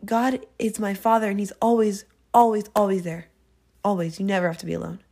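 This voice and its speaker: A woman's voice: mid-range voice, steady tone, a little fast, vocal fry, dark tone. A young woman talks casually through a devotional episode she hosts. Her delivery is earnest and chatty, full of little fillers and self-corrections as she works through her thoughts. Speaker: faith podcast host.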